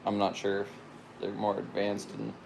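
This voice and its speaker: A man's voice: fairly low pitch, completely flat delivery, normal speed, gravelly, noisy background. A man answering viewer questions in a casual chat, plain and matter-of-fact with short answers.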